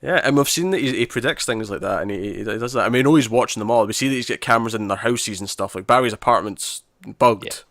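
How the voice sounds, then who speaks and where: A man co-hosts a casual podcast, talking fast with lots of restarts and acting out lines from the show. His voice is bright and crisp, and the sound is dry with little room. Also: medium pitch, dry recording. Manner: animated, quick restarts, acts out lines from scenes. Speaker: podcast co-host. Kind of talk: casual chat.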